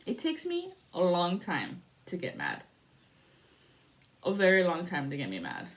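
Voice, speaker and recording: A woman's voice: on the low side, wildly swooping pitch, unhurried. Cursing, chatty woman spiritual reader. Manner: profane, laughing, chatty; invoking spirits in prayer. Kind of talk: casual spiritual reading.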